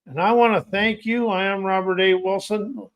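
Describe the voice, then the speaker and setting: A man's voice: high voice, fairly even intonation, moderate pace. A man hosting a podcast, delivering a rhythmic, poetic motivational monologue full of listed words. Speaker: podcast host. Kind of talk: spoken-word motivational monologue.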